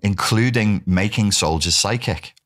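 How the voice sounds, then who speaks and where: British male guest, 40s, deep register; animated, profane storyteller. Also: unhurried. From United Kingdom. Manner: animated storyteller, swears freely, acts out quotes. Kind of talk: casual interview talk.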